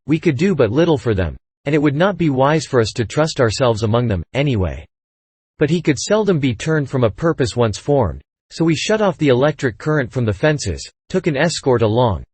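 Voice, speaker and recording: A man narrating an audiobook in a measured, expressive storytelling manner on a close studio mic. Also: mid-range voice, slightly rough, no echo. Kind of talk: scripted narration.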